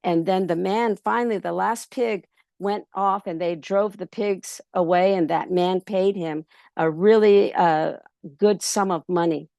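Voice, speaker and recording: A woman storyteller at a festival workshop who tells a folk tale in an easy, rambling way, with many pauses. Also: mid-range voice, vocal fry, dry recording, clean studio sound. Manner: relaxed, many ums and restarts.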